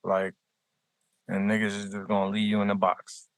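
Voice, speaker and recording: A man's voice: lowish voice, monotone, normal speed, no room sound. A man co-hosting a podcast in casual chat, blunt and joking with plenty of profanity. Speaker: podcast co-host. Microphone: remote recording.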